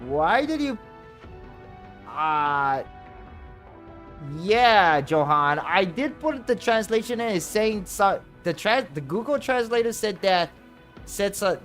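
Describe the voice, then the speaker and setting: A young man streaming a game, chatting casually with viewers and exclaiming excitedly over his luck. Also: fairly high pitch. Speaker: VTuber streamer. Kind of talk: casual livestream chat while playing.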